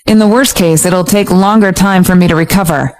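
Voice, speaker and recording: A woman's voice: fairly low pitch, a little fast, no room sound, natural voice. A woman voicing a blunt, impatient injured young man in a romance audiobook. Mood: curt. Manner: curt, matter-of-fact.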